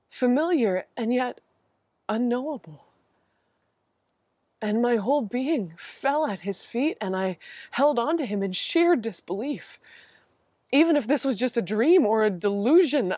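A woman's voice: fairly high pitch, a little mellow, dry recording. Grieving devoted follower, intense emotional telling, dry close sound, a woman acting it out. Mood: ecstatic. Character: grieving woman follower, searching and then overjoyed. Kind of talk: first-person dramatic monologue.

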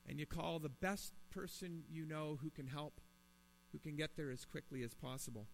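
A man's voice: a little high, fairly even intonation, normal speed, gravelly. A man preaching a sermon in his thirties or forties, earnest and building to emphatic pleas. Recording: long reverb in a hall, mains hum.

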